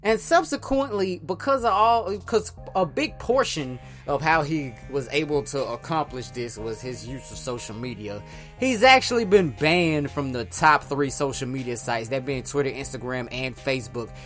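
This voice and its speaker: A man's voice: medium pitch, expressive, normal speed, a bit bright, soft background music. A man reading news stories aloud on his podcast, stumbling over words, then breaking into slangy, profane commentary. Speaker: podcast host.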